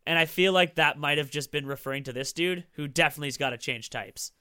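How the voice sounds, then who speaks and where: A man chatting casually about games, quick and enthusiastic, swearing freely. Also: fairly high pitch, sharp tone, clean tone, no echo, studio quality.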